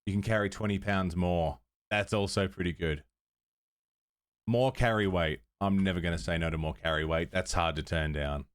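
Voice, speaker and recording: A man's voice: low-pitched, steady tone, normal speed, clear, resonant tone. A man streaming a game live, chatting casually with his viewers and fussing at his cat as he plays. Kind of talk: casual livestream chat.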